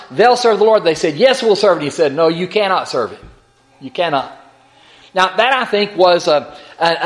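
A man preaching a Bible lesson, reading scripture slowly and deliberately, with rhetorical questions and repeated words. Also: high-pitched. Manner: slow, deliberate scripture reading with dramatic emphasis on quotes. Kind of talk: sermon.

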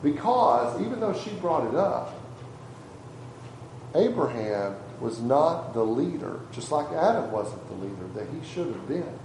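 A man's voice: fairly high pitch, sing-song, unhurried, a little mellow, reverberant, slight background noise, rough recording. A man preaching a sermon to a congregation in a conversational way, often asking them questions. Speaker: pastor.

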